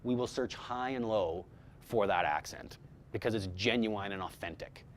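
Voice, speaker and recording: A man's voice: lowish voice, normal speed, a little hiss or hum. A middle-aged man gives a workshop talk to actors on voice-over work. He talks with energy, often restarts his sentences, and speaks straight to the group in a room with a small live audience.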